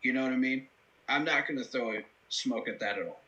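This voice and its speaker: Bright-voiced man breaking down football. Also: mid-range voice, a little fast, dull audio. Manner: earnest, analytical, many "you know" fillers. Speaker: host. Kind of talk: live football reaction commentary.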